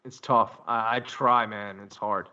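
A man co-hosting a podcast in casual chat, cursing freely and telling animated stories. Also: fairly low pitch, measured pace, a little hiss or hum. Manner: profane, animated storyteller. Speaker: podcast co-host. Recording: dull lo-fi sound.

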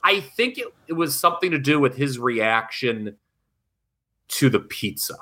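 A man co-hosting a podcast in loose, casual chat. His voice sounds bright and forceful, and it rises and falls widely as he talks. He speaks bluntly and swears freely. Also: medium pitch, very animated, unhurried. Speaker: podcast co-host. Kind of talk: casual wrestling review chat.

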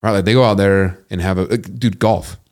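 A man in his thirties hosting a podcast interview, telling stories in a loose, animated way, full of "dude" and "like". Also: sits low, brisk. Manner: animated storytelling, says "dude" and "like" a lot. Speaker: podcast host. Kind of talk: casual conversational interview.

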